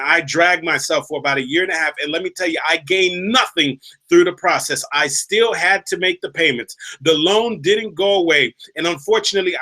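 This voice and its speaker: A man delivering a motivational talk in a bright, forceful voice that sits a little high. He speaks straight to the listener and hammers his points home, repeating key phrases again and again. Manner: emphatic, repeats phrases for effect; storytelling, addresses listener directly. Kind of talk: motivational speech.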